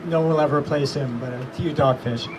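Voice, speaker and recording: A man giving an earnest, halting tribute at a memorial. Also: medium pitch. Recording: distant mic in a noisy crowd.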